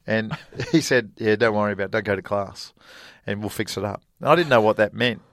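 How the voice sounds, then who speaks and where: A man's voice: lowish voice, fairly quick, a bit bright, dry recording, studio quality. A middle-aged Australian man, a golfer guest, telling stories in a casual interview, full of fillers and laughs. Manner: chatty anecdotal storyteller with frequent fillers and laughs.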